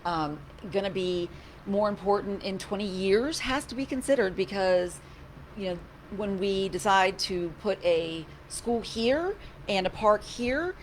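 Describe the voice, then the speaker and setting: A woman, a county commissioner, chatting casually in her office hours, animated, a little sarcastic, often restarting her sentences. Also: mid-range voice, unhurried, a little hiss or hum. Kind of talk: casual chat.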